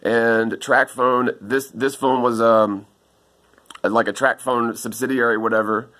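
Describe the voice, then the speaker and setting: Man, vlogging on a phone, bright and forceful tone, rambling and upset, filler "man" and "dude" all through. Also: medium pitch, flat delivery, a little slow. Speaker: vlogger asking viewers for help. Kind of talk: casual video monologue. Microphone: phone camera.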